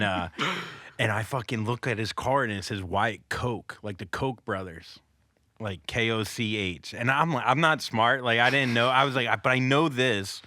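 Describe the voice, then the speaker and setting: A man tells a story in a quick, animated way, full of swearing and laughter, and slips into other people's voices as he goes. His voice is bright and forward, and the recording is close and dry. It sounds like a casual podcast between comedians. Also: on the low side, no room sound. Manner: animated, profane, acts out quoted voices, laughs often.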